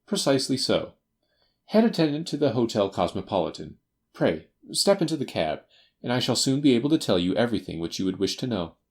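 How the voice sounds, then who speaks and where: A man voicing a confident, faintly teasing detective in a crisp, assured manner for an audiobook. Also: mid-range voice, very animated, a little fast, darkish tone, pitched above the performer's own voice. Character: brisk, confident male detective. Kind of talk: audiobook character voice.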